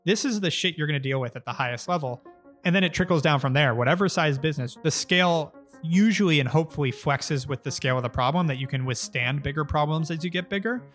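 Blunt, profane founder with a slightly high voice. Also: male voice, quick pace, faint music behind. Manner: blunt, profane, animated storyteller. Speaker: agency founder and guest. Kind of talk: casual interview storytelling.

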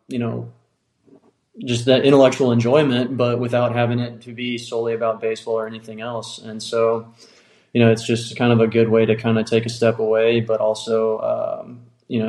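A man, a baseball pitcher guest, talking easygoingly with many fillers in a casual interview. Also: darkish tone. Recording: echoey room.

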